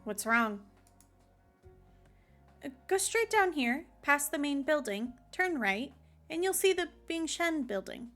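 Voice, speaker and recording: A woman's voice: high-pitched, sing-song, slow, long pauses, a bit bright, faint music behind, pitched above the performer's own voice, full character voice. A woman reading the lines of a suspicious campus clerk aloud from a game, in her own voice. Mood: wary.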